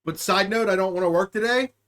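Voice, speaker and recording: A young man with a strikingly high-pitched voice, hosting a live stream and talking straight to his chat. He rambles and jokes, swears freely and hops from one word association to the next. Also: quick pace, a bit bright. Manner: rambling, joking, profane, riffing on word associations. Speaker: podcast host and streamer.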